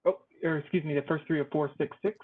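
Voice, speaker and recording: A man with a slightly high voice runs the public comment queue in a methodical, procedural way. His audio is thin and tinny, like a phone line. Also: steady tone, fast talker. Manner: methodical, repeats caller numbers and names. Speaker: meeting moderator calling on public commenters. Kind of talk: procedural meeting announcements.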